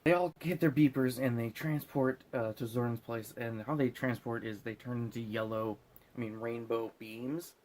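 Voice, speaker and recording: A man's voice: mid-range voice, fairly even intonation, moderate pace, background noise. Drunk man rambling through a movie. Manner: rambling, swearing, laughing at his own jokes. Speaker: host recapping a movie. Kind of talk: casual movie recap.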